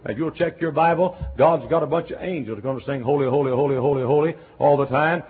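A man preaching a folksy revival sermon that swings between quiet, chatty asides and loud shouting. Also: mid-range voice, a little fast, few pauses, husky, soft background music. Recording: tinny lo-fi sermon tape.

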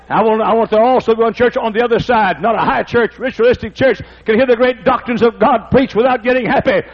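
A man preaching a sermon, dropping to low talk and rising to shouted, half-sung hymn lines. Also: highs cut off. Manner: swings from low mutter to shouted singing of hymns. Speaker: pastor.

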